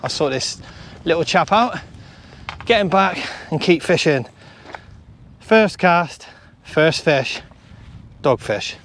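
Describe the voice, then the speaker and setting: Chatty british guy fishing on the beach, kinda high voice, faint outdoor noise behind him. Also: slow pace. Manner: excitable, chatty, talks to viewers. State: out of breath. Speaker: fishing vlogger and coach. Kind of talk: casual running commentary while fishing. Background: faint outdoor ambience.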